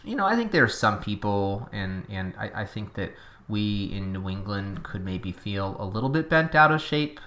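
Bright-voiced Boston man chatting. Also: on the low side, big pitch swings, normal speed, hardly any pauses. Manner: chatty and opinionated, trailing into tangents. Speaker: podcast co-host. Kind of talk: casual podcast chat.

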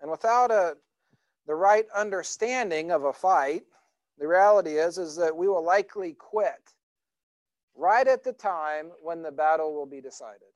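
Middle-aged male pastor, fairly high voice, dry close sound, easygoing rambling sermon delivery. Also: animated, normal speed, dry recording. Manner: conversational storytelling with many fillers and restarts.

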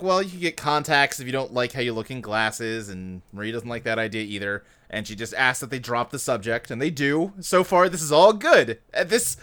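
A man's voice: mid-range voice, pushed and bright, smooth. A man co-hosting a podcast, recapping a sitcom in casual chat, laughing often and acting out the characters' lines. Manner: chatty, laughs often, acts out quotes. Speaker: podcast co-host.

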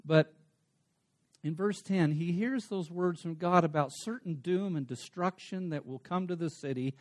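A man preaching a sermon, dropping to soft asides and then rising to emphatic, stretched-out words. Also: fairly high pitch. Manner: swings between soft asides and emphatic raised passages; slows down to stress single words. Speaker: pastor.

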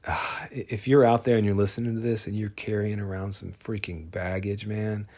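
A man earnestly telling a personal story in a casual, halting way, restarting often. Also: lowish voice, little pitch movement, a little mellow.

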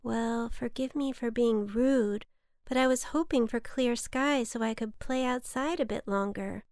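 A woman's voice: unhurried, no echo, clean studio sound. Woman doing a kind earnest little boy. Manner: earnest and eager, raised bright pitch. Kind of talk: children's storybook reading.

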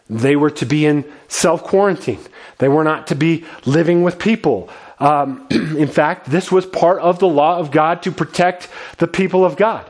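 Male pastor, slightly high voice, earnest, dramatic storyteller in a sermon. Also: a little mellow.

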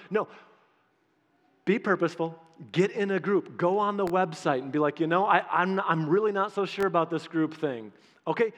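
A man preaching a sermon in a conversational, animated way, acting out the quotes in his stories. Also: high-pitched, long reverb tail. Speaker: pastor.

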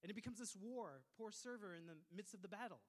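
A pastor from Minnesota preaching a sermon, lively and joking, with quick asides to the congregation. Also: male voice, high-pitched. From Minnesota, USA.

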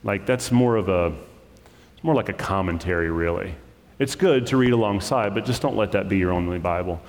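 A male pastor delivers a sermon in a slightly low voice, talking to the congregation in a relaxed, conversational way with asides and quick self-corrections. The sound carries a long hall reverb, as in a church sanctuary. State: choked up with emotion.

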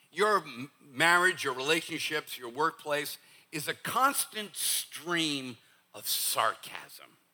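A man preaching a sermon in church, casual and animated, acting out the sharp things people say at home. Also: fairly high pitch. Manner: animated, acts out scolding parents. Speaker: pastor.

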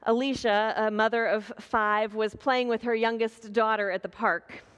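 A woman preaching a sermon, with a slow, gentle way of telling stories. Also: fairly high pitch, steady tone, clean tone, big-room sound, dull audio.

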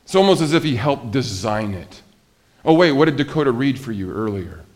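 A man preaches a sermon to his congregation in an animated, conversational way. His pitch and volume rise and fall often, and he keeps asking rhetorical questions. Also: a little fast. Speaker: pastor.

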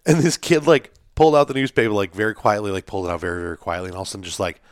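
A young man in casual podcast chat, telling an animated story, acting out quotes and swearing freely. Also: fairly low pitch, rapid-fire, smooth, no echo, clean studio sound.

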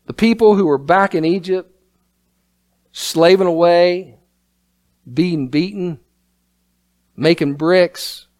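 A man preaching a sermon from the pulpit, emphatic and building to exclamations, often reading scripture aloud. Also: sits high. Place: church sanctuary.

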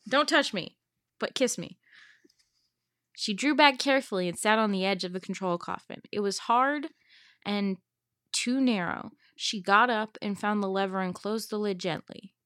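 A young woman reading a science fiction novel aloud to friends, expressive and chatty, laughing between passages. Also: medium pitch, moderate pace, dry recording, studio quality. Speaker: reader.

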